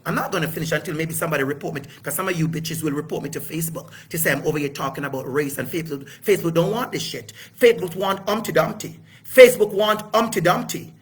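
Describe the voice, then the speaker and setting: A man's voice: fairly high pitch, very fast, few pauses, fairly bright tone, breathy edge. A middle-aged man giving an impassioned, preachy talk to camera, swearing freely and repeating lines for emphasis. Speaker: educator hosting his own video series.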